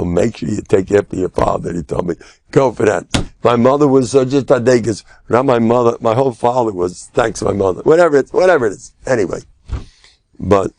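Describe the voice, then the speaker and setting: An older man, a rabbi giving a humorous Torah lecture, joking and self-deprecating, now and then bursting into loud, emphatic cries. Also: on the low side, no room sound.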